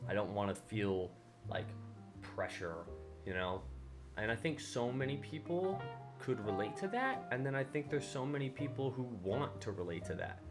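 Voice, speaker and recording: A man hosting a casual solo podcast, rambling through his thoughts with lots of fillers and animated bursts when he retells his own anger. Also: mid-range voice, moderate pace, over music. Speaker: podcast host.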